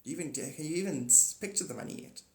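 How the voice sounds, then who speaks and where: A man's voice: a little high, racing, gravelly. A man hosting a livestream, chatting casually with viewers and rambling through spiritual ideas. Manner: rambling, animated, spiritual talk. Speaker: livestream host. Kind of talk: casual livestream chat reading comments. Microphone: phone. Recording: echoey room.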